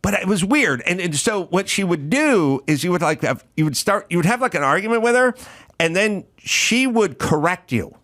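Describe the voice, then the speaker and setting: A man hosting a podcast, with a lively voice that swoops up and down as he tells a story. He talks in a casual, profane, comedic way and slips into the voices of the people in his stories. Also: high voice, moderate pace. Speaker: podcast host.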